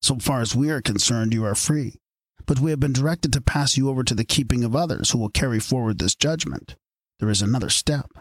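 A man's voice: mid-range voice, fairly quick, no room sound, close to an everyday voice. A man reading aloud as the solemn spokesman of a secret order, delivering formal pronouncements. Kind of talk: audiobook reading.

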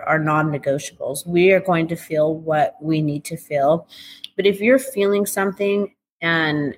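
A middle-aged woman with a fairly low voice talks as an interview guest. She is animated and often slips into little voices to act out conversations. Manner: animated, acts out dialogue with shifting voices. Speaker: guest, recovery author.

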